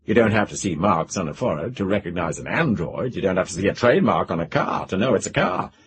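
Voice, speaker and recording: A man's voice: low voice, big pitch swings, fast, a crowd in the background. A man voicing a skeptical young male student who answers in a practical, matter-of-fact way in a storybook reading.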